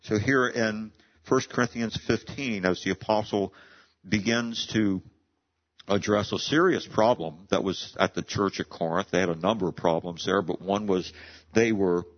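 A man's voice: fairly low pitch, moderate pace, lo-fi sound. A man preaching a sermon as pastor, explaining scripture earnestly and reading verses aloud with rising emphasis.

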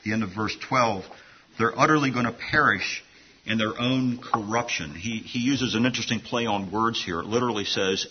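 A man's voice: on the low side, normal speed, muffled recording, a little hiss or hum. A man preaching a sermon to his congregation in an earnest, conversational way, often restarting his phrases. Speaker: pastor.

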